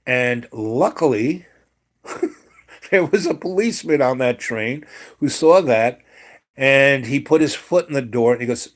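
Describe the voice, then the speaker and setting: A man's voice: medium pitch, animated, measured pace. A man telling a long family story in casual talk, wandering off on tangents with lots of fillers and restarts. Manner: rambling, digressive, many fillers and restarts.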